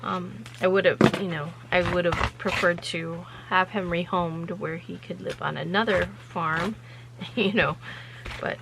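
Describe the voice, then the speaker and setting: A woman's voice: on the low side, fairly even intonation, a little slow, creaky, background noise. A woman hosting her own vlog, telling a story in a rambling, chatty way with lots of loose fillers. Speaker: vlog host.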